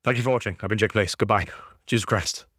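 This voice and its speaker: A man's voice: lowish voice, very fast, a bit bright, dry recording, clean studio sound. A man ranting about a video game series he loves, swearing constantly in an exasperated, passionate way. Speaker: gaming YouTuber.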